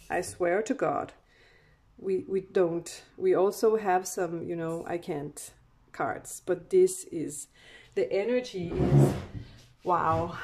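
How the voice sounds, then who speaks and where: A woman giving a casual spiritual card reading, meandering along with frequent soft laughs. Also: mid-range voice. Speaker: oracle card reader.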